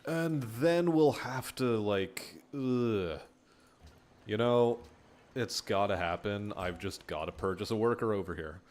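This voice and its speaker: A man's voice: fairly low pitch, animated, slow pace, darkish tone. Laid-back man streaming a strategy game. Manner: laid-back, mumbling, swears casually. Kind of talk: casual gameplay commentary.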